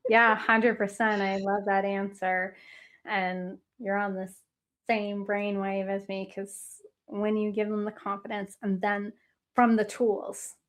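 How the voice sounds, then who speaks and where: A woman's voice: medium pitch, little pitch movement, slow. A woman hosting an author interview, who is enthusiastic and affirming, asks long winding questions, and says she is losing her voice. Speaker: podcast host.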